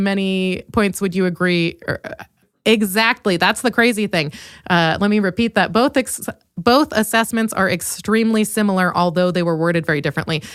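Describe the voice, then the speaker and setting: A woman hosting a comedy podcast, telling stories in casual chat, laughing often and jumping up in pitch when she quotes people. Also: smooth, no room sound, clean studio sound. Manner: animated storytelling, quoting others with big pitch jumps. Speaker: podcast host.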